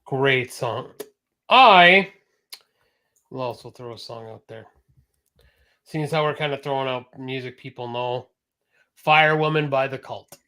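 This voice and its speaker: A man co-hosting a casual podcast, often trailing off quietly at the end of his thoughts. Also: mid-range voice, steady tone, moderate pace. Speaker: podcast co-host. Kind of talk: casual chat.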